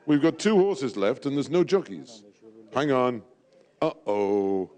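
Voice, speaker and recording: A man's voice: mid-range voice, big pitch swings, takes it slowly, darkish tone. A man emceeing a live event, jovial and teasing, sprinkling in French phrases. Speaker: event host at a draw.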